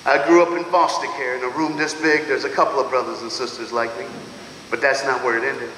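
A motivational speaker addresses students at a school assembly in a large auditorium or gym, calling out to the crowd, laughing often, and swinging between loud and hushed. His medium-pitched voice runs a little fast. The echoey hall has long reverb and the recording carries slight hiss or hum.

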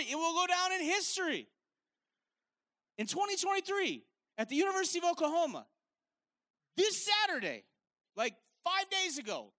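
Male preacher, bright and forceful tone, casual emphatic sermon delivery on a stage mic. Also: very high voice. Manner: casual, filler-heavy, emphatic. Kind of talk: live sermon. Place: stage at a worship event.

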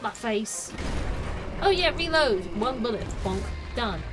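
Woman streamer, high bright voice, playful running commentary with yelps, game music under her. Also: lively intonation, slow pace. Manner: playful, exclaiming, joking to herself. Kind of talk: live gameplay commentary.

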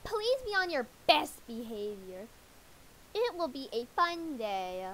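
A woman voicing a bossy woman teacher leading kids on a field trip, announcing in a loud, chirpy way. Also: sits high, very animated, slow pace, slight background noise, heavily acted, rough recording.

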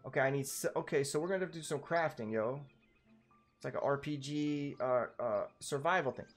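A man's voice: mid-range voice, fairly quick, faint music behind. A man giving casual, profane, joking commentary while playing a game and reading it aloud. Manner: profane, joking, laid-back. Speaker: game streamer.

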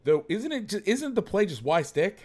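A man's voice: high-pitched, normal speed. Give me a man hosting a casual football film session, explaining plays with a joking coach's manner. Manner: joking, animated coach talk. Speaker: host breaking down game film.

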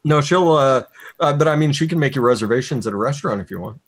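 Man, mid-pitched, wry, hesitant, casual group chat. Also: expressive, quick pace, no echo.

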